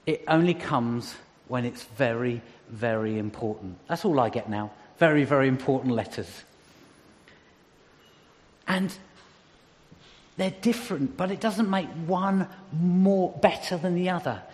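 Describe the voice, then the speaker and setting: High-voiced man preaching in a hall. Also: measured pace, pauses often, darkish tone. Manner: conversational with humorous asides. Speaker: church speaker. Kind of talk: sermon.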